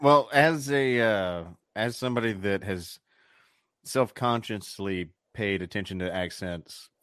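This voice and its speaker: A man's voice: fairly low pitch, unhurried, a bit bright, clear, resonant tone, dry recording, clean studio sound. A man with a Southern US accent, co-hosting a casual podcast chat, profane and jokey, often mimicking accents. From American South. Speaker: podcast co-host.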